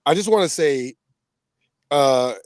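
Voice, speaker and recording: Man, casual podcast chat, fairly high voice, dry close sound, animated storytelling, quick laughs. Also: no room sound. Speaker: podcast co-host.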